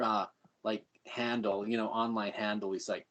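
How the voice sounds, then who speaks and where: A man's voice: lowish voice, level tone, normal speed, a bit bright. A middle-aged man as a podcast guest, upbeat and laughing often as he tells stories. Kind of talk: casual chat.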